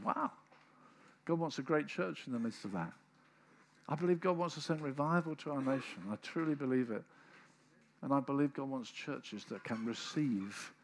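A man with a husky, mid-range voice preaches a sermon, telling stories in an animated way and acting out the voices of the people in them.

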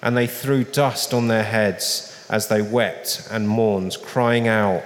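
A man reads scripture at a slow, unhurried pace, solemn and measured. His voice carries a long reverb, as if heard in a large, echoing room. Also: lowish voice, fairly even intonation. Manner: slow, solemn reading, rising for quoted cries. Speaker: scripture reader. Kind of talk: public Bible reading.

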